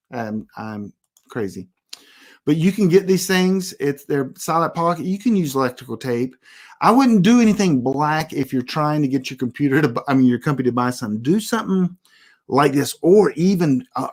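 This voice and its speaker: A man with a somewhat high voice talks viewers through privacy tips in a casual tutorial. He is emphatic, repeating warnings like a worried coach, and drifts into rambling asides. The sound comes through a computer or phone mic. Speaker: presenter giving a privacy tutorial. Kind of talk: casual instructional talk.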